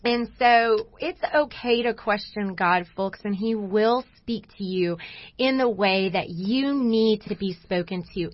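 A woman's voice: medium pitch, no echo, muffled recording. A woman co-hosting a Christian radio talk show, telling a story with lots of laughter. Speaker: radio show co-host, coach. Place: radio studio.

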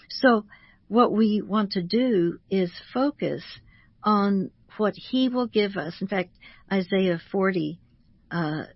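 A woman who is a Christian author, speaking as a guest on a radio talk show in a measured, teaching manner and slowing down to stress each word. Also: medium pitch, husky, dry recording, highs cut off.

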